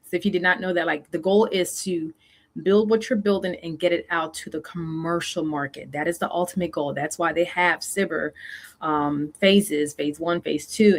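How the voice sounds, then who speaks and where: A woman's voice: low-pitched, steady tone, normal speed. A woman host with a Southern US accent, coaching founders in a casual solo talk, repeating her questions and using many fillers. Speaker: show host and funding consultant.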